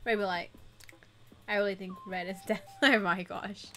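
This young woman co-hosts a gaming livestream, keeping the chat casual, giggling and greeting viewers by name. Her medium-pitched voice is steady and unhurried, pushed and bright, with a little hiss or hum in the recording.

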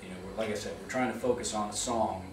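A man's voice: lowish voice, fairly even intonation, fast talker. A man who plays drums, the oldest of his band, explaining their music earnestly in a casual interview. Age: older than his bandmates. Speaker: drummer. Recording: echoey room from far off, with noise.

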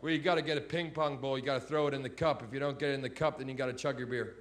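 A man's voice: mid-range voice, steady tone, rapid-fire, noisy background, voice pushed down, lightly acted. An Australian comedian doing a dopey college boy. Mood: eager. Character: dopey young male American college boy.

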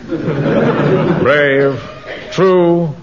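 An actor playing a pompous, self-important middle-aged bank manager who also commands a platoon, in a 1970s radio sitcom. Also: male voice, a little high, extremely slow. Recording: dull old radio recording with faint hiss.

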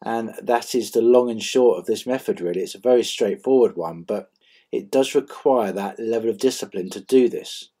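A man's voice: on the low side, normal speed, warm tone. A man hosting a channel, earnestly explaining a self-help method and repeating key phrases for emphasis.

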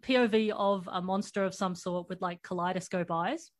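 A woman hosts a podcast in relaxed, casual conversation. Her voice sits at a middle pitch, and she recaps scenes with a chatty lilt, often laughing as she goes. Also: moderate pace. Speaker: podcast host. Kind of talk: casual movie chat.

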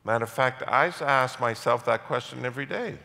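A middle-aged man preaching a sermon as pastor, telling a story with animated, self-mocking humor. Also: mid-range voice, brisk, vocal fry. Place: large church hall. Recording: church hall reverb.

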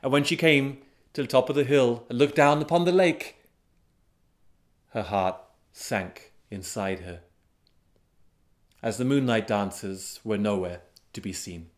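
A male storyteller with a mid-pitched voice tells a folk tale at a slow, deliberate pace. His telling is dramatic, and he swells with excitement at key moments. He lets pauses hang between phrases. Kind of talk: storytelling narration.

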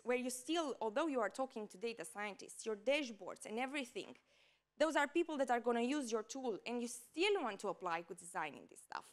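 A woman giving a conference talk. She speaks with enthusiasm, often checks in with "right?", and her microphone cuts out at times. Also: on the high side. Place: conference stage.

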